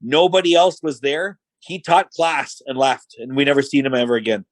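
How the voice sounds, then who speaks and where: In a casual chat, a middle-aged man who is a podcast guest tells stories at moderate speed and medium pitch, doing voices for the lines he quotes. He fills his talk with "like" and "you know." No echo, though the audio quality is poor.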